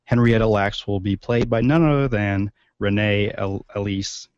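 A man's voice: on the low side, moderate pace, a little mellow, clean tone, dry recording. A man co-hosting a podcast in casual chat, rambling with many fillers and restarts. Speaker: podcast co-host. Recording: dull, lo-fi sound.

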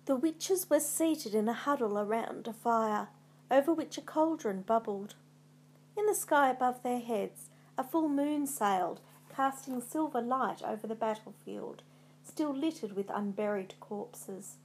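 A woman narrating a storybook in a dramatic, measured way. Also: fairly high pitch, lively intonation, a little mellow.

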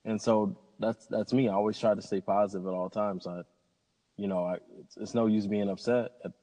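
A man tells rambling stories in a relaxed interview, upbeat and positive throughout. His voice sits on the lower side, and a long hall reverb trails after his words. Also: a little fast. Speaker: pilot and interview guest. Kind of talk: casual interview conversation.

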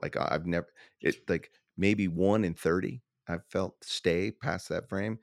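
Deep gravelly laid-back host. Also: male voice, steady tone, unhurried, dry recording, studio quality. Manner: laid-back, uses slang like man, dude, bro. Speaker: podcast host, gym owner. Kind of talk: casual interview chat.

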